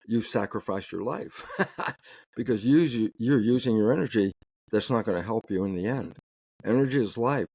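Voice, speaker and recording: A man's voice: mid-range voice, a little mellow, dry recording, studio quality. A man speaking as an interview guest and biologist, talking emphatically and often laughing mid-sentence. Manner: emphatic, acts out both sides of dialogues. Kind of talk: animated conversational interview talk.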